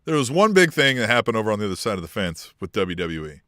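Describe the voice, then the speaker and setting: Animated profane man on a wrestling podcast. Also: lowish voice, quick pace, no echo, clean studio sound. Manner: profane, animated, laughs often. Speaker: podcast co-host. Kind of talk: casual wrestling chat.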